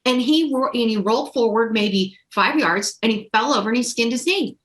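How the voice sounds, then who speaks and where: A mother telling a personal story in a conversation, animated and expressive. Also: fairly high pitch, fairly quick, poor audio. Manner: animated storyteller, acts out voices in quotes. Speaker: podcast guest.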